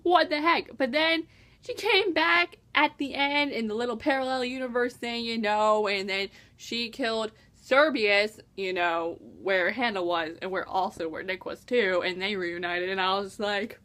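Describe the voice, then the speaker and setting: A young woman excitedly reviewing a book in a casual vlog, gushing and acting out her own reactions. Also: mid-range voice, unhurried. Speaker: book vlogger.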